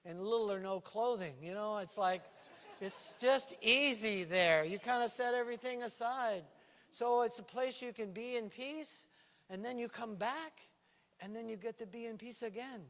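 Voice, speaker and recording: A male pastor preaching a sermon in a church, lively and playful, with a stage microphone. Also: sits high, moderate pace. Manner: lively preaching with playful put-on island lilt. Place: church sanctuary. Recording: reverberant church hall.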